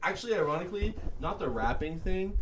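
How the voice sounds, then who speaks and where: A young man chats casually as a podcast co-host, his voice bouncing up and down in pitch. He is giggly and animated, often breaking into laughter. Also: fast talker, slight background noise. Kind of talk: casual chat.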